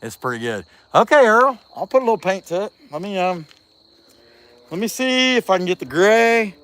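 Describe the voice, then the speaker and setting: A man's voice: sits high, big pitch swings, moderate pace, a bit bright. Folksy rambling man with a twang. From Southeast Ohio. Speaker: chainsaw carver and livestream host. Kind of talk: casual livestream chat reading viewer comments.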